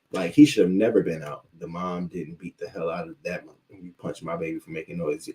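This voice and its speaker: With a warm, lowish voice, this livestream news commentary host launches into a profane, heated rant. He keeps restarting his sentences while responding to what his chat says.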